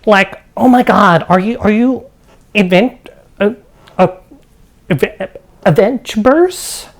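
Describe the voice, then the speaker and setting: A woman's voice: medium pitch, slow, pitched above the performer's own voice. A woman voicing a giddy, drunk young rich woman who stammers breathlessly.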